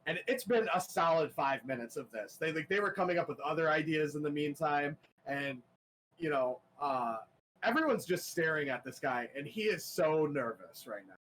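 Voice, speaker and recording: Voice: mid-range voice, lively intonation, normal speed, fairly bright tone, a little hiss or hum, rough recording. A game master narrating a tabletop game, rambling with many fillers and light laughter.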